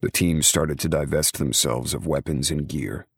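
A man with a very deep, gravelly voice reads a first-person story in a steady, measured way. His tone is husky, and the recording is close and dry with no room sound. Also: no room sound. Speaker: audiobook narrator. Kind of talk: first-person scripted narration.

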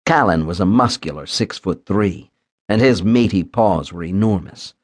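A man reading a thriller audiobook in a steady, measured storytelling manner. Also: low-pitched. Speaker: audiobook narrator. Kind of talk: scripted thriller narration.

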